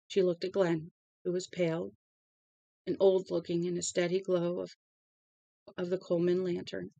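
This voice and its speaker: A woman's voice: lowish voice, level tone, moderate pace, creaky, pauses often, dark tone, no echo, highs cut off. A woman reading a novel aloud as a storybook narrator. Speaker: audiobook reader.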